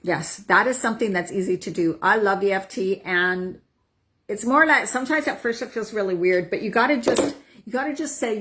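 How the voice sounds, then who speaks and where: A woman in her forties, a wellness coach, calmly guiding a tapping practice and checking in with "right?" and "okay?". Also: mid-range voice, moderate pace. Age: 40s. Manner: soothing affirmations with frequent "right?" and "okay?". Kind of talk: guided self-help demonstration.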